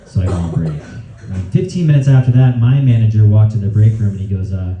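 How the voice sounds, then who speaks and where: A man's voice: fairly low pitch, animated, fast. Rowdy young male stand-up comic. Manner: loose, rowdy storytelling, often laughing mid-line. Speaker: stand-up comedian. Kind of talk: stand-up set. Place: comedy club stage, live audience. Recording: roomy, distant, dull club recording.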